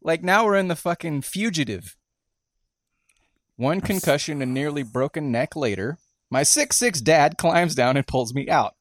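A man's voice: on the high side, animated, normal speed, no room sound, clean studio sound. A man co-hosting a comedy podcast, reading listener stories aloud with wry asides. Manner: wry, reads submissions aloud with mock outrage.

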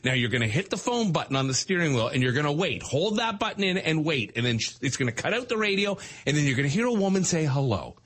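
A middle-aged man tells a story in casual chat, acting out the other voices. His pitch swings widely and sits fairly high. His voice has a slight husk. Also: fast, hardly any pauses. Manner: animated, acts out voices.

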